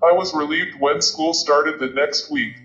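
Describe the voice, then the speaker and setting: A man narrating an audiobook in a measured, reflective way. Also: on the high side, steady tone. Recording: muffled with soft guitar music.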